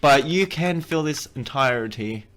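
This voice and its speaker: A man's voice: medium pitch, animated, a little slow, fairly bright tone. A man giving a casual, rambling game tutorial, cracking jokes and correcting himself as he plays. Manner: rambling, joking, self-correcting. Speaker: gaming video creator.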